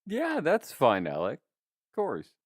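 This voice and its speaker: A man's voice: a little high, huge pitch swings, slow, husky, no room sound, clean studio sound. A young man streaming, telling a rambling story in casual chat and laughing often.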